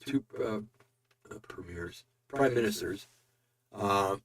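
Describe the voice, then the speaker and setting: A man's voice: on the low side, slow, fairly bright tone, a little hiss or hum. A man hosting casual political commentary, tired and yawning, rambling with many fillers and restarts.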